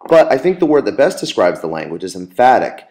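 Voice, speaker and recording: A man with a lowish voice talks through a screencast lesson for students. He explains step by step, earnest and patient, with small fillers and restarts. Quoted lines get a firmer, emphatic reading. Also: sing-song, fast talker, darkish tone. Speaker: teacher.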